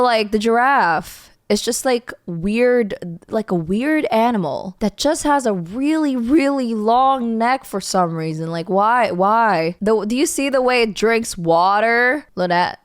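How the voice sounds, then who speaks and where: A woman's voice: medium pitch, lively intonation, unhurried, clean tone, no echo. A woman vtuber streamer giving casual, jokey reaction commentary in a chatty, rambling way, close to the mic.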